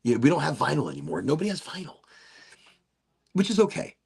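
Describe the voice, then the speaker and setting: A man's voice: on the high side, huge pitch swings, fast, creaky, a little mellow, breathy edge. A man hosting a casual podcast chat, telling rambling stories and swearing freely. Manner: rambling, swears a lot, repeats himself. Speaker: podcast host.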